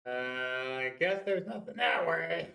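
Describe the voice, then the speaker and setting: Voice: mid-range voice, expressive, slow, creaky, pushed and bright. A gamer playing an old adventure game and reading its text aloud, with wry, jokey asides. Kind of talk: let's play commentary, reading game text.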